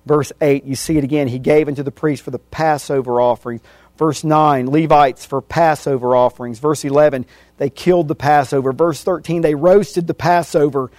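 A man preaching a sermon, reading scripture verse by verse and repeating phrases for emphasis, his voice swinging from loud emphatic peaks to hushed endings. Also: fairly high pitch, steady tone, moderate pace, no echo.

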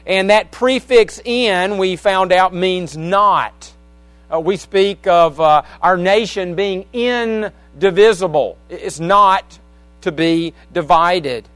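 Preacher guy at a church service, a bit high voice, folksy and chatty, dry close mic. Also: slow, a bit bright, dry recording, faint music behind. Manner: folksy, rambling asides with the congregation. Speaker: pastor. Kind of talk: sermon. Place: church sanctuary. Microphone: wireless handheld microphone.

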